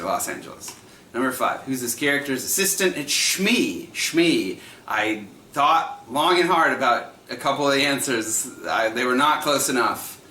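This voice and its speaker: A man in his thirties runs a trivia night over a livestream, talking in a loose, chatty way and laughing often as he reads out and repeats each question. His voice has a bright, forward edge. It sounds like a room at home that is a bit echoey, with a faint hum behind him. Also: medium pitch.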